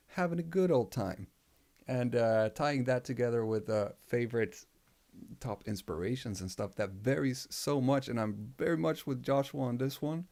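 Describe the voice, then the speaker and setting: With a mid-range, darkish voice, a music producer talks loosely to his livestream audience. The chat is rambling and full of laughter and swearing.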